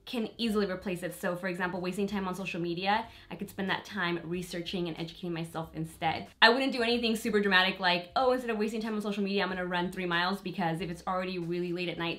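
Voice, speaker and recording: A woman's voice: lowish voice, quick pace, a bit bright. A woman beauty vlogger chatting casually and candidly to her viewers while she applies makeup. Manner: chatty and candid, with small laughs and fillers; talks to viewers directly while applying makeup. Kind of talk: casual get-ready-with-me chat.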